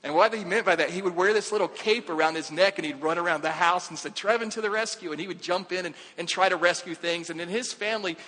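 Man, pastor, sermon, conversational, rhetorical questions, bright tone, long hall reverb. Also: high voice, fast talker, hardly any pauses. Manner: conversational preaching with rhetorical questions, drops to quiet emphasis.

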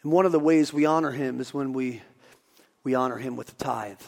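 A man preaching a sermon as pastor, moving from quiet asides to shouting. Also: medium pitch, a little fast, creaky, in a large hall. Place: church.

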